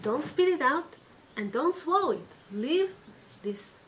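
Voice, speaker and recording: A woman's voice: sits high, big pitch swings, slow, fairly bright tone, slight background noise, rough recording. A woman teaching a religious class, telling a story and acting out the quoted voices. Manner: acts out quoted voices, repeats phrases for emphasis. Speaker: teacher of a weekly Torah class. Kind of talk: storytelling lesson.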